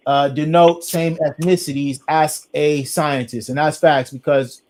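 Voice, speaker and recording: A man's voice: a little high, fairly even intonation, measured pace, darkish tone. A man from Long Beach, hosting a live stream debate, hyping up speakers and reading chat comments aloud. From Long Beach, California. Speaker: host.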